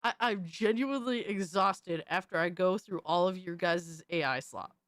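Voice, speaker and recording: A woman streaming live, reacting to viewer videos with loud, exasperated, profane commentary and frequent shouts of disbelief. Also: on the low side, moderate pace, no room sound. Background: music.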